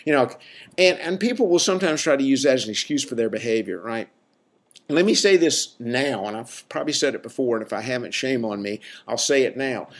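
A man's voice: medium pitch, normal speed. A man who works in mental health, giving a casual, emphatic talk to his listeners, full of "right?" asides and mocking quoted voices. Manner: conversational, many fillers and "right?" asides. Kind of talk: casual lecture to an audience.

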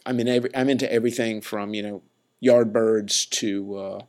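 A man with a fairly low voice chats through his podcast in a loose, rambling way. He wanders between stories, piling up fillers and restarting his sentences as he goes. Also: steady tone, normal speed, a little mellow. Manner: chatty, laid-back, lots of fillers and self-corrections. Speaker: podcast host. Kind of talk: casual rambling storytelling.

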